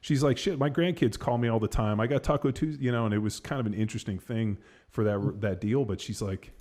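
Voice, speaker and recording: A man with a fairly low voice hosts a podcast in easy, casual chat. He rambles through a story, leaning on "like" and "you know" and dropping the odd curse word as he goes. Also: fast, a little mellow. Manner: rambling storytelling, heavy fillers and swearing. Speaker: podcast host.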